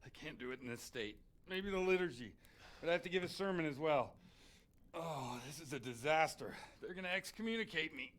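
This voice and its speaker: An actor playing a hungover, foul-mouthed middle-aged village priest in a video game, groaning, swearing and pleading. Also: male voice, a little high, lively intonation, a little fast, a bit bright.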